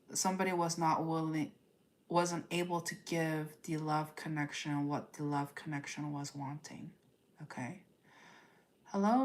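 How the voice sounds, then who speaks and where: A woman reads tarot on a live stream in a slow, unhurried way, her voice sitting a little low for a woman. She speaks straight to her viewers, often says things twice and closes her points with a quick "okay?". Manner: addresses viewers directly, repeats phrases, ends points with "okay?". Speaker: tarot reader.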